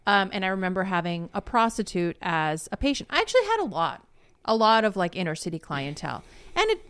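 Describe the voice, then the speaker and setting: A woman's voice: mid-range voice, sing-song, a bit bright, clean tone. A woman in her thirties, a former nurse co-hosting a show, talking frankly and with some swearing in casual chat. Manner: frank, quick to laugh, profane.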